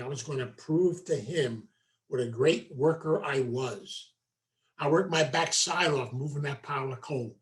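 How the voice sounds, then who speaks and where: A man's voice: a little high, fairly bright tone. A man, a meditation teacher, giving a folksy storytelling talk to a group, full of asides. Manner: folksy, conversational, many asides.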